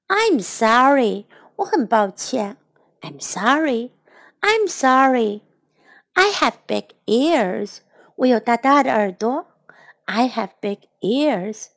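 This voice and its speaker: A woman teacher talks gently to children, repeating each short phrase clearly. Her voice sits high and she keeps an unhurried, slow pace. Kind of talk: bilingual kids' lesson.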